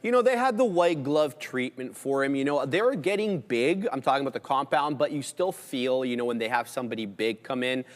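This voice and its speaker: A man's voice: medium pitch, in a large hall. Man calling stock prices live. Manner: excited, rapid ticker and price call-outs. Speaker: co-host of a live trading stream. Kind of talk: casual live market commentary.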